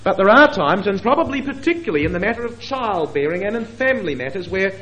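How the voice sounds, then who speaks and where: A man preaching a sermon, moving between quiet asides and emphatic, drawn-out scripture quotations. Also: high voice, poor audio. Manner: expressive, swings between hushed asides and emphatic quoting.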